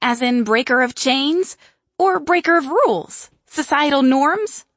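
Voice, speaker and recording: A man's voice: very high-pitched, expressive, a little slow, a bit bright, no echo, studio quality, voice pushed up, exaggerated voice. A man putting on a sassy young superpowered rogue woman. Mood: teasing. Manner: teasing, sassy. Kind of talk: audiobook narration.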